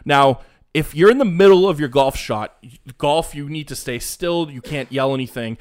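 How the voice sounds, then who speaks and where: A man co-hosting a casual sports podcast, rambling and animated, with restarts and mocking asides. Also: on the high side, moderate pace. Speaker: podcast co-host.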